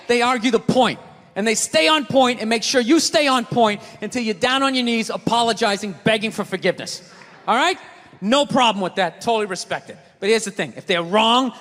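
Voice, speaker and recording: Brash Boston comic man doing a stand-up set, tense bright voice, live hall sound. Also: very high voice, expressive, brisk. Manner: ranting, shouting into exaggerated impressions. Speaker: stand-up comedian. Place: stage before a live audience. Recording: live theater recording with crowd and reverb.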